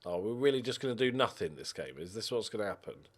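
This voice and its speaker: This young man's voice sits on the low side and he talks fast while playing a football management game. As a gaming YouTuber giving casual let's-play commentary, he's animated, speaks to the on-screen players, and yelps in frustration.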